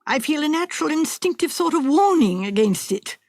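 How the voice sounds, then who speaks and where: A woman's voice: high-pitched, animated, fairly quick, no echo, pitched above the performer's own voice. A woman reader voicing a fretful, self-pitying invalid wife in a storybook reading, plaintive and dramatic. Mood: aggrieved.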